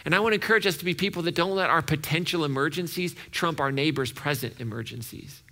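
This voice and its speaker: Gravelly, bright-voiced male pastor preaching. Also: on the high side, quick pace. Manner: animated, acts out quoted voices. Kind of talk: sermon.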